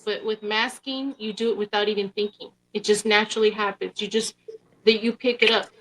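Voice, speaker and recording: A woman's voice: medium pitch, fairly even intonation, brisk, fairly bright tone, a little hiss or hum. A woman with an Oakland Bay Area accent, earnestly explaining herself in a casual podcast discussion, often restarting her sentences.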